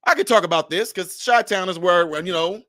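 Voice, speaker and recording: A man's voice: high voice, a little fast, bright, forceful tone, no room sound, clean studio sound. A man delivering a confrontational commentary rant, scolding and sarcastic, hammering rhetorical questions. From Chicago area.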